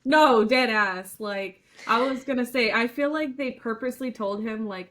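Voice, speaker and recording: A young woman co-hosting a podcast in casual chat, blunt and quick to swear, often chiming in with agreeing fillers. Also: a little high, a bit bright. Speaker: podcast co-host.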